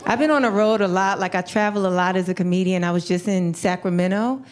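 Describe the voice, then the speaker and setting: A woman comedian doing a live stand-up set, telling stories in an animated way, laughing and slipping into put-on voices. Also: medium pitch, quick pace. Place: comedy club stage before a laughing crowd. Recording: live club with crowd laughter and noise.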